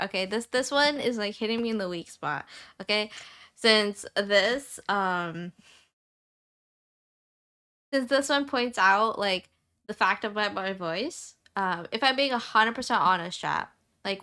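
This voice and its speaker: Young woman, streamer, casual chat, high and squeaky at times, rambling with fillers, bright tone. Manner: chatty, repeats herself, many fillers.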